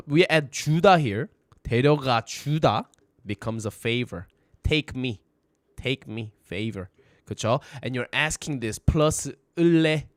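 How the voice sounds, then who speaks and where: Quick-talking language teacher. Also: male voice, mid-range voice, no room sound, clean studio sound. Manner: frequent "right?" tag questions, repeats phrases for practice; switches between English and Korean, sings lyric lines. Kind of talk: live-streamed language lesson.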